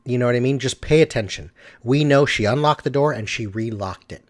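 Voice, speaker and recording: A middle-aged man talks casually over a game clip, leaning hard on his points and repeating them for emphasis. His voice sits at an ordinary male pitch. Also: fairly quick. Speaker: commentator. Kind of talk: casual video commentary.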